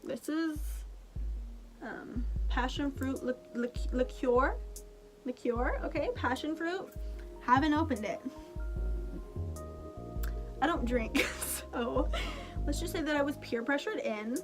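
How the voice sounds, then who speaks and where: A woman's voice: sits high, slow pace, long pauses. Chatty young woman vlogger, music behind. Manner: chatty, animated, laughs often, says "like" a lot. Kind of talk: casual storytelling to camera.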